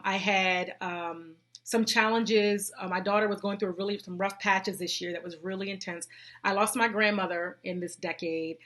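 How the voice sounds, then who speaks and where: A woman with a bright, clear voice hosts a casual live stream. She reads viewers' comments aloud and talks about faith in an animated, preachy way, with slang and emphatic repeats. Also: medium pitch. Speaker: host of a live faith and life-coaching stream.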